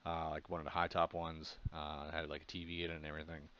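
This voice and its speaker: Low-voiced man rambling through a story. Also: monotone, quick pace, a little hiss or hum. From Pennsylvania, USA. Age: adult. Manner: rambling, filler-heavy, laughs at his own story. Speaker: comic artist vlogger. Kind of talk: casual storytelling. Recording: slightly dull, muffled audio.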